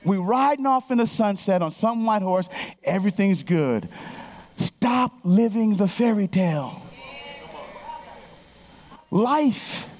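A woman's voice: medium pitch, slow pace, long pauses. A woman in her fifties preaching a sermon, telling stories and calling out to the congregation. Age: 50s. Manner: animated storytelling, calls out to the congregation.

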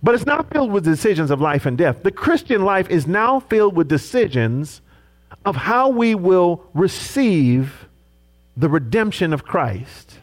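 A man delivers a sermon as a pastor in a high voice at a measured pace. He's animated, acting out the voices of the people he quotes.

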